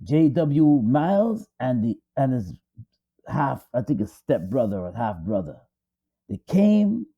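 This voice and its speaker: Man, dramatic storyteller, emphatic repeats, husky, very lively pitch, lo-fi dull sound. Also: slow pace. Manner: repetitive, emphatic, restarts for effect. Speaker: co-host.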